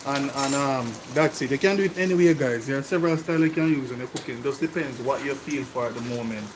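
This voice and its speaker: A man with a Jamaican accent co-hosts a cooking live stream, casually chatting with viewers and explaining things in patois. His medium-pitched voice moves fast over a noisy background.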